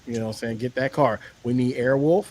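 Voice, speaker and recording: A man co-hosting a casual podcast chat, joking around and talking excitedly. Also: mid-range voice, fast talker. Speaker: podcast co-host.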